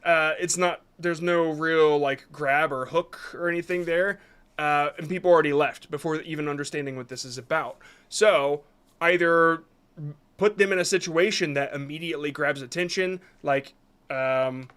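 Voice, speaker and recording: Guy reviewing shorts on a live stream, kinda high voice, stops and restarts a lot, says sorry a bunch. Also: normal speed, fairly bright tone, smooth. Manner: hesitant, apologetic, many restarts. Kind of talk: casual live-stream commentary.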